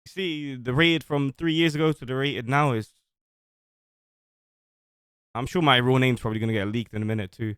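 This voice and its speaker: A man's voice: medium pitch, moderate pace, pauses often, a bit bright, clean tone, dry recording, clean studio sound. A man on a livestream reading out old messages and defending himself, rambling at length. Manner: defensive, rambling, reads screenshots aloud. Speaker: streamer.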